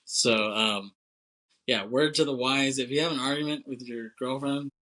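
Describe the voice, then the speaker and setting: A young man in loose podcast chat, walking through a movie plot scene by scene. His voice is very bright and his pitch sits in the middle. He swears freely and slips into quick impressions of the characters as he goes. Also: rough recording. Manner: loose and profane, acts out characters' lines with laughs. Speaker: podcast co-host. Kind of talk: casual chat recapping a movie.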